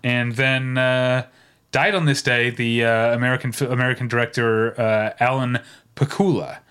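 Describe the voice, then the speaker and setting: A man in his thirties co-hosts a podcast, chatting casually and rambling a bit with fillers as he runs through a segment, now and then breaking into brief off-key singing. His voice is medium in pitch, fairly bright and clean, with a flat delivery at normal speed.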